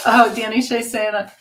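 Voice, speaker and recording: A woman's voice: a little high, a bit bright, a little hiss or hum. A woman with a Southern accent co-hosting a tarot livestream, chatting casually, reading viewer comments and laughing often.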